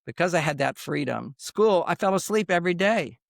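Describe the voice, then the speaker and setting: A man's voice: fairly high pitch, animated, fairly quick, gravelly, dry recording, studio quality. An older man speaking as a podcast guest, giving relationship advice in an emphatic, rambling way and repeating his points for emphasis. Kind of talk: conversational advice monologue.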